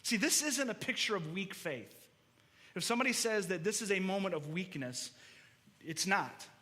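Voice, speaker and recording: A high, bright-toned man delivering a sermon from the front of a church hall. He preaches earnestly, often repeating a word as he drives a point home. His voice rings with a long hall reverb around it. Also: expressive, normal speed. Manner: earnest, preacherly, repeats words when emphasizing. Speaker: pastor.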